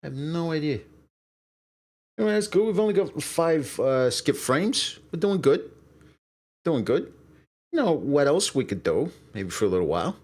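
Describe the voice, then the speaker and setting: A man's voice: on the high side, very animated, moderate pace, long pauses, a little mellow. A man hosting his own live stream in casual chat, loose and profane as he talks straight to his viewers. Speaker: streamer and show host.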